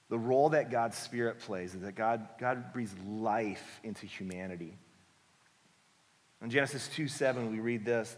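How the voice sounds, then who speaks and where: Low-voiced man preaching in a reverberant hall. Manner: conversational, earnest, drops soft and slow for reassuring lines. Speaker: guest preacher, book author. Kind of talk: sermon. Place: church sanctuary. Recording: long church hall reverb.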